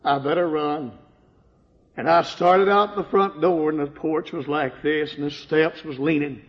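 An older man giving a fervent sermon testimony, swinging from hushed tones to loud outbursts. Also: fairly high pitch, steady tone, normal speed. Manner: impassioned, swings from hushed to shouting. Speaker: preacher giving his testimony. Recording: dull lo-fi recording in a reverberant hall.

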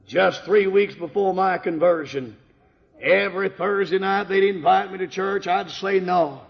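An older man giving a fervent sermon testimony, swinging from hushed tones to loud outbursts. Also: high voice, a little slow, creaky. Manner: impassioned, swings from hushed to shouting. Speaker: preacher giving his testimony. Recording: dull lo-fi recording in a reverberant hall.

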